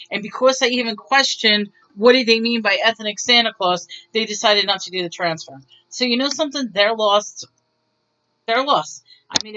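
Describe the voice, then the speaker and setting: Bright-voiced woman telling wry stories. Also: medium pitch, lo-fi sound. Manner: wry, bemused, chatty with frequent restarts. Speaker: retail worker vlogger. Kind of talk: casual storytelling to camera.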